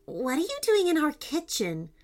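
Curious excitable little boy in a children's story, voiced by a woman narrator, high and animated. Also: moderate pace, faint music behind, heavily acted. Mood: excited.

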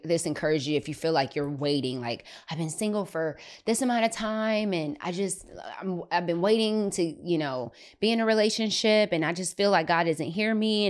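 A woman with a low voice tells a personal story on her podcast. She is chatty and animated and fills her talk with little asides and filler words. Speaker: podcast host. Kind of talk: casual storytelling.

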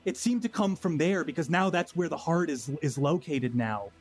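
A man's voice: on the high side, animated, normal speed, soft background music. A man voicing a frightened, resentful ordinary townsman who swears and frets a lot. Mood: haunted. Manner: frantic, swearing, then sullen and resentful.

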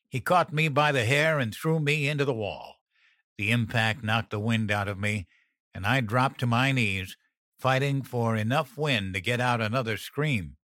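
A man reading a first-person horror story as an audiobook narrator, tense and measured. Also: mid-range voice, a bit bright, no room sound, clean studio sound.

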